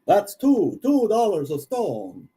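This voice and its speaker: A performer voicing a wacky, playful bat puppet with a silly, sing-song chatter and a lively swinging voice. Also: mid-range voice, slow. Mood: goofy.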